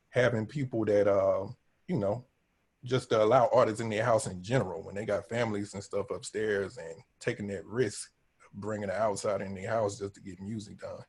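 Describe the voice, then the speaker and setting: A man speaking on a video call as an A&R panelist, relaxed and conversational in a casual panel discussion. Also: lowish voice, husky. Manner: relaxed, conversational, loose phrasing. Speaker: record label A&R panelist.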